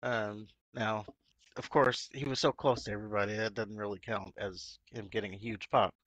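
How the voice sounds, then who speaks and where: A man's voice: on the low side, steady tone, moderate pace, a bit bright, no room sound. A man co-hosting a podcast, casually recapping wrestling events and laughing often as he tells the story. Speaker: podcast co-host.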